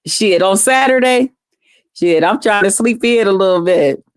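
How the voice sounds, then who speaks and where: A woman's voice: mid-range voice, a little slow, no echo, clean studio sound. A woman vlogging to camera, telling stories bluntly and with plenty of swearing while chatting with live viewers. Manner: blunt, salty, talks straight to viewers. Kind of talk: casual profane storytelling to camera.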